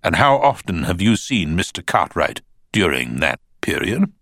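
A man voicing a cool male barrister, cross-examining in a measured, pointed way. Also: low-pitched, sing-song, fairly bright tone, dry recording, studio quality. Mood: probing. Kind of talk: audiobook character voice.

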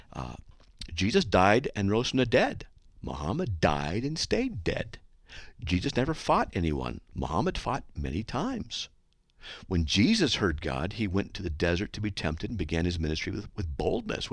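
A man's voice: lowish voice, dry recording, clean studio sound. A man hosting a radio show, reading listener mail aloud and mocking it sarcastically. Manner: sarcastic, animated, does mocking voices. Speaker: radio host.

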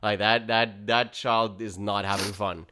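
Animated swearing young man ranting on a podcast. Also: on the low side, measured pace, a little hiss or hum. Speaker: podcast co-host. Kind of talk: casual podcast chat.

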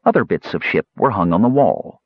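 A man reading a fantasy novel aloud in measured scripted narration, in a dull lo-fi audiobook recording. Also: lowish voice, animated, breathy edge, dry recording.

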